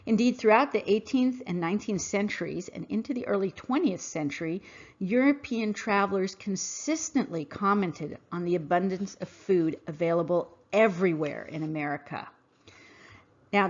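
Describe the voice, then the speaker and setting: A woman hosting a podcast, reading a scripted monologue in an earnest, emphatic, measured way. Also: on the low side, lo-fi sound. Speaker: podcast host. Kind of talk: scripted monologue read aloud.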